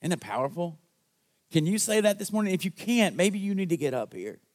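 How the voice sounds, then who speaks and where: A man's voice: sing-song, a little fast. A man preaching a sermon as pastor, earnest and conversational, with call-and-response asides to the congregation and quoted lines acted out in a raised voice. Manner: acts out quoted voices with big jumps in pitch and loudness.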